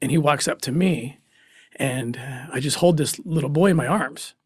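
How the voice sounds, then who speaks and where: A man's voice: on the high side, husky, no echo, clean studio sound. Earnest man telling an emotional story. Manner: earnest and emotional, with restarts and pauses. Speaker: guest, former special agent. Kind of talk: personal story told in an interview.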